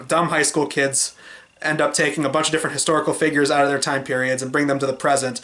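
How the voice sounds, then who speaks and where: A young man rambling through a casual movie review vlog with a bright, forceful voice that sits a little high. He goes on at length and now and then slips into mocking impressions. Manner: chatty and rambling, often mimics cynical voices in a high pitch. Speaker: movie vlogger.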